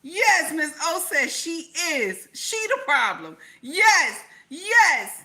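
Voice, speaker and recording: A woman reacting live to a clip and reading her chat aloud, loud and laughing, repeating her questions over and over. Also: high voice, big pitch swings, slow.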